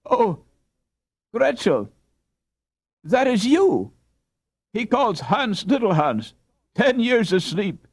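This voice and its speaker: A man's voice: high-pitched, big pitch swings, slow pace, pauses often, husky, pitched above the performer's own voice, heavily acted. A man voicing an emotional middle-aged Dutch mother crying out, beside herself with joy. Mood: overjoyed. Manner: cries out, breathless with joy.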